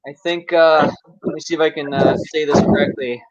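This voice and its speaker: A Canadian man hosting a pool tournament livestream, relaxed and joking, with many fillers. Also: on the high side, fairly quick, dry recording, muffled recording. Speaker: tournament host. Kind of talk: livestream commentary.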